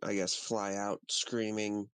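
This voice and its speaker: A man's voice: fairly low pitch, flat delivery, takes it slowly, a bit bright, clear, resonant tone, no echo, rough recording. A man playing a tabletop game, playfully and vividly describing his moves. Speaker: player. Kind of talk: casual tabletop game chat.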